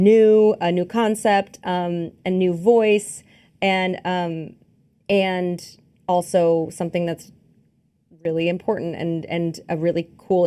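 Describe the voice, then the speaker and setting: A woman co-hosting a podcast, chatting casually about film trailers, rambling with fillers and quick laughs. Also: fairly low pitch, dark tone, clean tone. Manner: rambling, lots of fillers and restarts, laughs easily. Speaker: podcast co-host.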